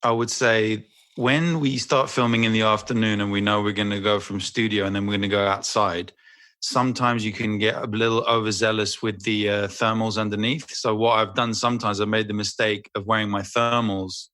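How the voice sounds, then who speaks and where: Male actor guest, low bright voice, animated casual storyteller, podcast mic. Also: normal speed. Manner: animated storyteller, swears freely. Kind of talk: casual interview chat.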